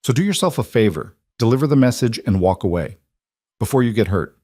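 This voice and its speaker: A man reading a smooth menacing mobster. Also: medium pitch, expressive, fairly quick, mellow, no echo, studio quality, close to an everyday voice. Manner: menacing, falsely friendly. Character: cold threatening mobster man. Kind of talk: audiobook character reading.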